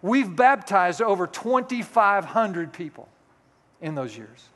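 This sixty-something pastor's high-pitched, fairly bright voice has a sing-song lilt and slow pace as he tells a personal story during his sermon, poking folksy fun at himself. Long reverb fills the church sanctuary.

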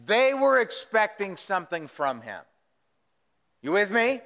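Man, pastor, sermon, high bright voice, conversational, long hall reverb. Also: sing-song, unhurried. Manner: conversational, asks the congregation questions.

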